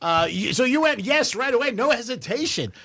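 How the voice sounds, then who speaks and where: Animated, bright-voiced male radio host. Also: very high-pitched, brisk. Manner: animated storyteller, laughs often. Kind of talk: casual radio banter.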